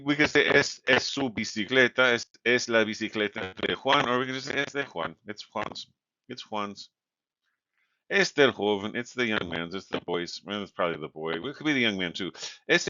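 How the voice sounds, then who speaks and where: Bright, crisp male lecturer. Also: on the low side, dry recording. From California. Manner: explanatory, many fillers and "right?" checks. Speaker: Spanish instructor. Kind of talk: recorded lecture. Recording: dull, lo-fi sound.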